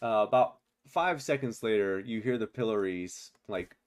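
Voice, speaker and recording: A man's voice: on the low side, normal speed. A man narrating as game master of a tabletop game, laughing often and rambling through fillers.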